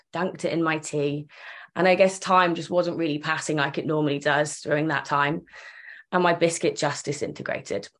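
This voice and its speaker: A young woman tells her own story earnestly and emotionally, acting out the remembered dialogue. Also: low-pitched. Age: young adult. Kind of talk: personal storytelling.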